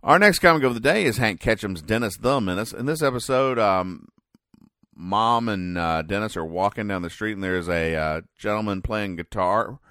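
Dry, sarcastic comic podcast host. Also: male voice, fairly low pitch, animated, a bit bright, no room sound. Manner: sarcastic, mock-serious explanations, quick voices for quoted characters. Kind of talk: deadpan comic reading and explaining newspaper comics.

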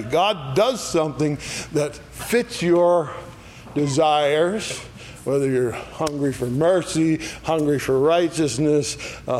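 A man's voice: mid-range voice, darkish tone, slight background noise. A man teaching an adult Sunday school Bible lesson in a church classroom, folksy, often checking in with "all right?". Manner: folksy, asks "all right?" after each point.

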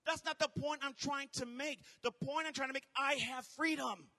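A man preaching as a pastor, animated, with shouted peaks and quick quoted asides. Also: very high-pitched. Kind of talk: sermon. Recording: long hall reverb.

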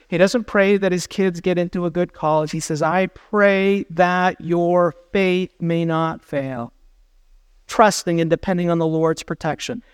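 A man's voice: high voice, no room sound. A man preaching a sermon as pastor, earnest and urgent as he exhorts his listeners.

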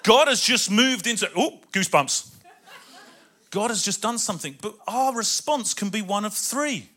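A man preaching a sermon with excitable emphasis, then dropping quieter to read scripture. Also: high voice, moderate pace. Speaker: pastor.

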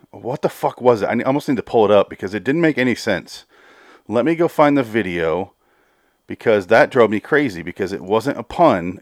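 A man's voice: lowish voice, dry recording, studio quality. A man hosting a solo review podcast, rambling and cursing, with exasperated rants. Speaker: podcast host.

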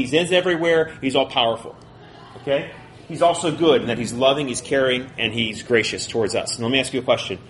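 A man teaching a college Bible class, talking quickly and conversationally and putting questions to his listeners. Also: medium pitch, fairly bright tone, a little hiss or hum.

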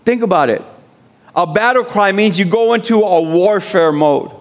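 A high-voiced man preaches at a moderate pace as a guest speaker. His sermon exhorts the congregation in plain, informal speech, with "amen" called back and forth again and again.

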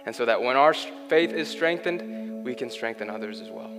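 A young man preaching a sermon, earnest, swinging between loud pleading and soft, intimate delivery. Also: medium pitch, expressive, normal speed. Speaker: pastor. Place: church hall. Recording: long hall reverb, faint music.

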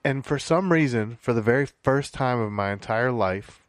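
A man's voice: medium pitch, expressive, normal speed, no echo. Laid-back man telling stories, dry sound. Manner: laid-back storytelling with frequent swearing. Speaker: podcast co-host. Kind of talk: casual podcast chat.

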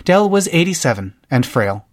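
Man, audiobook narrator, fairly high voice, scripted reading. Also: big pitch swings, moderate pace. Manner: voices quoted speakers with lifted pitch.

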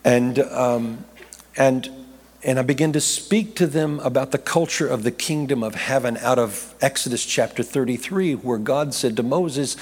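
A man's voice: mid-range voice, normal speed, slightly rough. A man preaching, telling a personal story with jokes, restarts and repeated words. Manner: animated, rambling with repeated restarts, jokey asides. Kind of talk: storytelling sermon. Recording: long reverb of a large hall.

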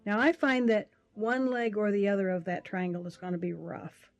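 A woman giving a slow, reflective personal testimony about forgiveness. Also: medium pitch, soft background music.

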